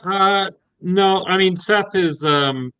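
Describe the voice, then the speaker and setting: A man's voice: high voice, takes it slowly, sharp tone, clean tone, dry recording. A man describing his character at a tabletop game in a chatty, rambling way. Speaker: player. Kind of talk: tabletop play.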